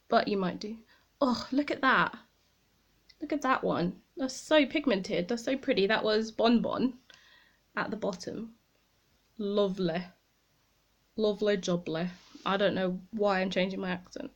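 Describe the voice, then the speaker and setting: A woman chatting casually to camera as a beauty vlogger, rambling and commenting on herself as she tries products. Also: medium pitch. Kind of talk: casual makeup review to camera.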